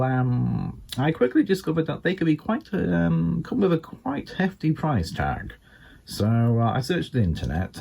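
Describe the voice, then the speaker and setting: An older man with a Scouse accent doing a rambling stand-up comedy routine, full of ums and asides. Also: husky. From England. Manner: rambling, filled with ums and you-knows, lively pitch swings.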